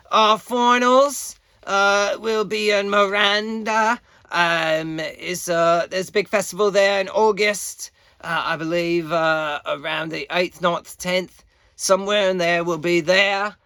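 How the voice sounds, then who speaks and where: A man giving a casual, halting competition update, full of fillers and pauses. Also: high voice, pushed and bright, clean tone, no echo, clean studio sound. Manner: halting, many fillers, unhurried.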